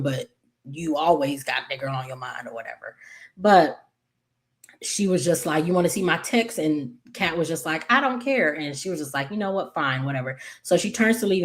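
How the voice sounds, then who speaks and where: A woman with a notably low voice recaps a soap opera episode in a loose, casual way. She stumbles through fillers and corrects herself often. Every so often she breaks off to argue with the characters. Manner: rambling, full of fillers and self-corrections; opinionated, talks back to the characters.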